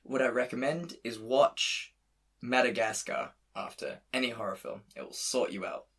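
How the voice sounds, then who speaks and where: A young man co-hosting a podcast, chatty and excitable with lots of fillers. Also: medium pitch, moderate pace, vocal fry, slightly rough. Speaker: podcast co-host. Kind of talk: casual chat.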